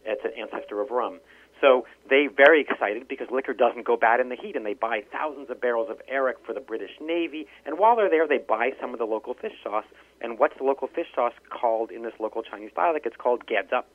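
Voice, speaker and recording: A man's voice: medium pitch, fast talker. A man, an author and linguist, storytelling in a phone-in interview with many restarts. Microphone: telephone. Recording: tinny phone line.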